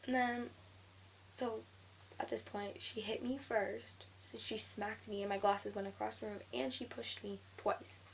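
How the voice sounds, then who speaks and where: A young woman casually telling a story to the camera, rambling and animated, with "like" after nearly every phrase. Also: mid-range voice, measured pace, a little hiss or hum. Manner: rambling, heavy use of filler "like"; animated retelling of an argument. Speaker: vlogger.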